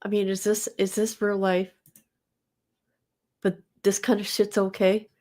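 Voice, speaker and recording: A woman's voice: mid-range voice, level tone, unhurried, darkish tone. An older woman hosting a casual livestream, talking bluntly with exasperation, stammering and breaking into laughter. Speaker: livestream host.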